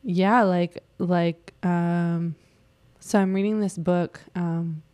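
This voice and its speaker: A woman's voice: lowish voice, steady tone, slow pace, a little mellow. Reflective woman artist, chatty. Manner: reflective, rambling, many fillers. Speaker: artist guest. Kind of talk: casual interview chat.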